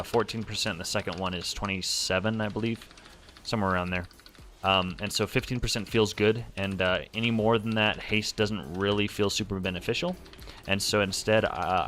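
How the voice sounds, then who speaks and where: A man's voice: sits low, fairly bright tone, a little hiss or hum. A man casually commenting while streaming a game, rambling with many fillers as he answers chat.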